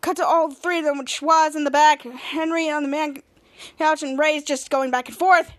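A woman with a very high voice chats her way through a casual recap of a TV episode. She tells it scene by scene in a loose, rambling stream and often stops to restart a phrase. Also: fairly even intonation, moderate pace, fairly bright tone. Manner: rambling play-by-play retelling with frequent restarts. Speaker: podcast host.

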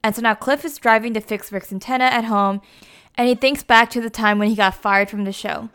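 A woman's voice: a little high, steady tone, a little fast, fairly bright tone, clear, resonant tone. A young adult woman casually retelling a story, chatty and full of fillers like "like" and "you know".

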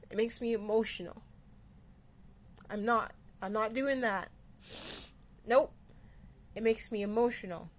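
A woman hosting a personal podcast, talking candidly and with self-deprecating humor, often halting with fillers and restarts, close to tears at times. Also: medium pitch. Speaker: podcast host. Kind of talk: personal mental health podcast.

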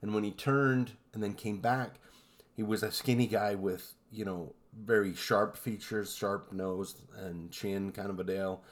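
A man with a fairly low voice tells creepy stories on a podcast, easygoing and a little rambling. He pauses with "um" and "you know" as he goes, keeping it conversational rather than dramatic. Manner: relaxed, rambling storyteller with frequent fillers. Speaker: podcast co-host. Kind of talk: casual storytelling chat.

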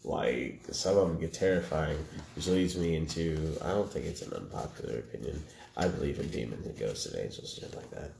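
A man co-hosting a podcast in casual banter, joking and deadpan, swearing freely. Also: very deep voice, brisk, vocal fry. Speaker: podcast co-host. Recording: echoey room with faint noise.

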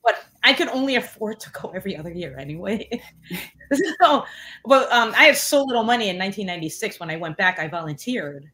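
A woman in her forties, a guest in a casual interview, telling stories with lots of fillers and lively quoted voices. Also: fast talker. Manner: animated, many fillers, acts out quotes in a higher voice. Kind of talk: casual storytelling chat.

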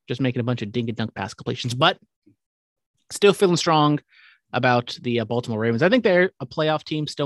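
A young man hosts a casual sports podcast, rambling and swearing freely with quick asides as he runs through his picks. His voice is mid-range, and the studio-quality recording has no echo.

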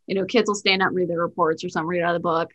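A woman's voice: on the low side, fairly even intonation, very fast, a bit bright. A woman from Georgia in a casual group chat, telling stories and giving examples as she talks. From Georgia, United States. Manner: storytelling, fond of examples.

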